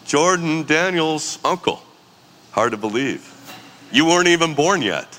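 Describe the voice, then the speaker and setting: Brief: animated, slangy storyteller in his forties, bright voice, long reverb from the hall. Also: on the high side. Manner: animated, slangy, laughs often. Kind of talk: casual storytelling.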